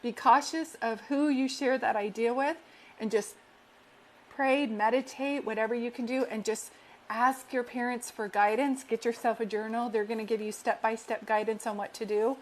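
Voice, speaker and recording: Reassuring woman psychic, a bit high-pitched. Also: steady tone, normal speed, a little hiss or hum. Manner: affectionate and reassuring, calls listeners sweetheart; earnest, repeats affirmations. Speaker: psychic medium. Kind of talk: live-stream reading.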